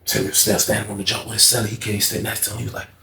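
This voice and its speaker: A man with a gravelly voice telling a story in an animated way and acting out what other people said. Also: on the low side, rapid-fire, echoey room, slight background noise. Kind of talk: storytime monologue.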